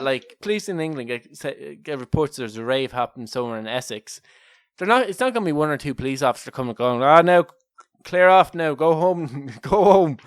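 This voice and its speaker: A man's voice: fairly high pitch, fairly bright tone, no room sound, clean studio sound. An Irish man co-hosting a casual comedy podcast, telling a story in a jokey way and laughing often at his own lines. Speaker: podcast co-host.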